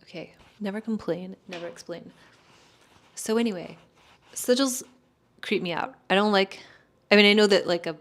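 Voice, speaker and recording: A woman's voice: medium pitch, moderate pace, fairly bright tone, a little hiss or hum. A woman astrologer in casual chat, answering viewer questions in a rambling, hedging way, full of fillers and self-corrections.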